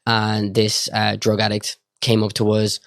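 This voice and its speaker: A young Irish man chatting as a podcast guest, telling stories in a rapid, rambling way with lots of filler words. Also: lowish voice, completely flat delivery, vocal fry, fairly bright tone, no echo, clean studio sound. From Ireland. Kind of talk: casual storytelling chat.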